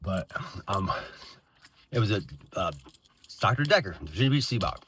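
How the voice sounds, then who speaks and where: A man's voice: lowish voice, big pitch swings, normal speed, fairly bright tone, slight background noise. A man in his thirties ranting bitterly in a profane, rambling way with many restarts. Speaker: veteran vlogger. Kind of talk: angry unscripted rant.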